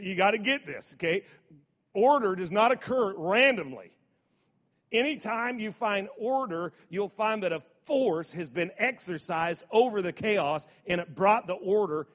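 A man with a high voice preaches a sermon at a service, repeating and restarting words before punching out emphatic lines. His voice rings with the long reverb of a church hall. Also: fairly bright tone. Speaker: pastor.

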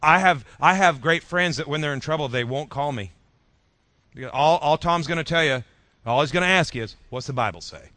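A man preaching a sermon as pastor, in a rhythmic style that drops soft at phrase ends and leads the congregation in repeating lines. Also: a little high, expressive, a little fast, no room sound. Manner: leads congregation in call-and-response.

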